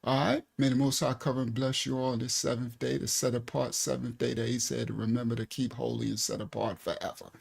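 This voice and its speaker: A man's voice: mid-range voice, little pitch movement, fairly quick, vocal fry, hardly any pauses, slightly rough. A man, leading a casual live-stream Bible lesson in a loose, chatty way. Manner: loose and chatty, frequent "all right" and laughs. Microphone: desk mic on a live stream.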